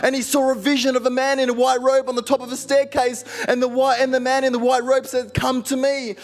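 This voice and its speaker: A man's voice: very high-pitched, little pitch movement, fairly quick, voice pushed up. A man voicing a flustered, apologetic female hospital nurse in a rambling way. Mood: apologetic, excited.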